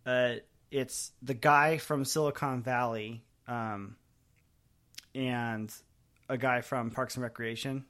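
A man co-hosting a podcast in casual chat, rambling and animated, often laughing and trailing off softly. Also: mid-range voice, slow. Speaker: podcast co-host.

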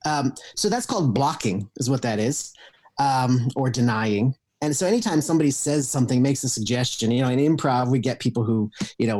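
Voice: medium pitch, darkish tone. Talkative podcast guest explaining improv. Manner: explanatory, full of ums, laughs easily. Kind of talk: casual podcast chat.

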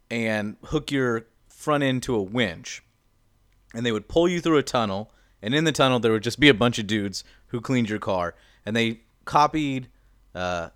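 A young man co-hosting a podcast chats casually, explaining things with lots of fillers and restarts as he rambles. His voice is mid-range with a fairly bright tone, and the sound is clean, studio-quality, with no echo.

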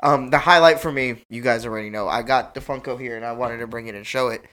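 A young man hosting a casual chat, telling an animated, slangy story and acting out quotes. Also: medium pitch, fast. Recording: loud background noise.

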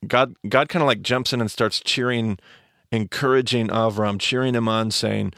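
A man's voice: medium pitch, fairly even intonation, moderate pace, gravelly, a bit bright, no room sound, studio quality. A man hosting a podcast, teaching the Bible, explaining with restarts and fillers and speeding up in asides.

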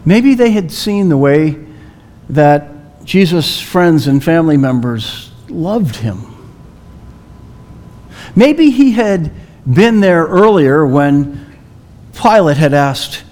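A man preaching a sermon, telling a story slowly and dramatically with long pauses. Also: on the high side, expressive, darkish tone.

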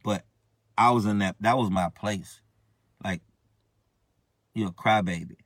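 A man's voice: fairly low pitch, a little slow, a bit bright, no room sound, studio quality. A man preaching an impassioned informal sermon as a self-styled prophet, emphatic and repetitive, calling listeners out directly in colloquial speech.

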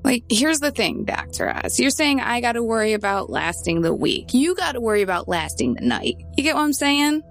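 A woman plays a tabletop game, chatting casually and turning tough when she talks as her character. Her voice is full of gravel and fry, and soft music plays underneath. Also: fairly high pitch, very animated, a little fast, few pauses. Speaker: player.

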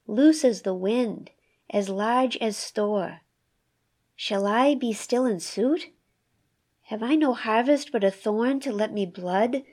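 Slow-spoken woman reading poetry. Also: mid-range voice, a little mellow. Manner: enthusiastic, reading verse aloud with feeling. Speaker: co-host discussing poetry. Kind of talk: conversational literary discussion and poetry reading.

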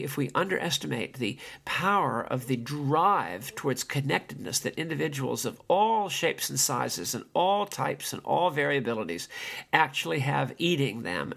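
Gravelly, husky male podcaster rambling. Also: medium pitch, fairly bright tone. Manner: rambling, full of restarts and fillers. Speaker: podcast host. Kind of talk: casual spoken monologue.

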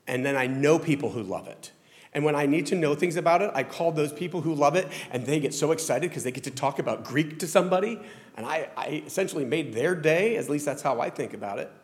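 A man's voice: on the high side, animated, quick pace. A male pastor with a Southern American accent giving a conversational, self-deprecating sermon in a church sanctuary. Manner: conversational, self-deprecating preaching with frequent restarts. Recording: long hall reverb.

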